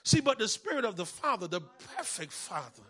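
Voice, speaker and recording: A man preaching a fiery sermon as a pastor, breaking into shouts, repeating his key phrases and acting out the people in his stories. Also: high voice, sing-song, a little fast, slightly rough. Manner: acts out the people in his story.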